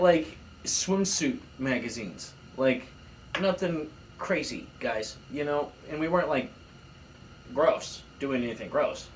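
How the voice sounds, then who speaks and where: A man in his thirties tells stories on a casual podcast, and he acts out every quoted line with sudden leaps up in pitch. His voice sits in the middle range. He is heard from some way off the mic, with a faint hiss behind him. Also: a little slow. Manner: animated storyteller, acts out quotes with jumps in pitch. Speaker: podcast co-host. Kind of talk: casual storytelling chat. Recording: distant mic with faint room noise.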